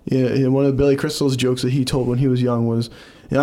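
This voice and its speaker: A man's voice: medium pitch, level tone, fast talker, warm tone. A young man, a comedian guest on a podcast, telling stories in a rambling way full of fillers. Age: young adult. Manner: rambling storyteller, filler-heavy "like". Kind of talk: casual chat.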